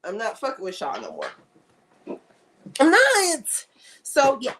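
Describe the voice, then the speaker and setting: A woman's voice: fairly low pitch, wildly swooping pitch, a little slow, a little hiss or hum. A young woman chatting frankly and animatedly to viewers on a livestream, often repeating herself for emphasis. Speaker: livestream host. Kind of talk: casual livestream chat. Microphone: streaming setup.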